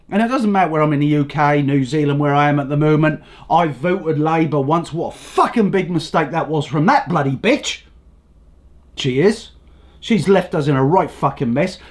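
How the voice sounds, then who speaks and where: An older man, a bit hoarse, ranting bluntly about politics and swearing often. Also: on the high side. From England. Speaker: vlogger.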